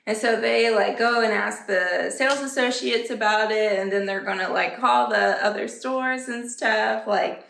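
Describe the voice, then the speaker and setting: A woman vlogger telling a story in a chatty, animated way and acting out the people she quotes in a much higher voice. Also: unhurried, vocal fry. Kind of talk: casual storytelling vlog. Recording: echoey room.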